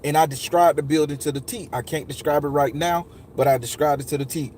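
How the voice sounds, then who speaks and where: A man's voice: a little high, brisk, a little hiss or hum. A man telling a personal memory in casual, profane speech, acting out the quotes with strong emotion. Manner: emotional, profane, animated retelling with acted quotes. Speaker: storyteller recounting a personal memory. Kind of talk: casual spoken testimony.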